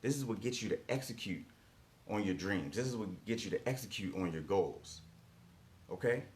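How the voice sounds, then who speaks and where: Low-voiced emphatic motivational man. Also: expressive, normal speed, a little mellow. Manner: emphatic, repeats key lines, rhetorical "right?" checks. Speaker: motivational coach. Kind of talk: motivational talk to camera.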